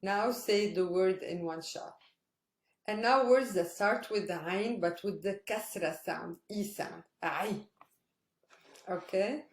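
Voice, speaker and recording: A woman teaching Arabic pronunciation in an online lesson, patiently repeating sounds slowly for practice. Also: medium pitch. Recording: roomy echo.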